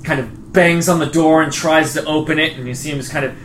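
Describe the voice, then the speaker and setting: A man's voice: a little high, steady tone, fast talker, a bit bright, a little hiss or hum, rough recording. A man narrating as game master, hesitant, with many fillers and restarts.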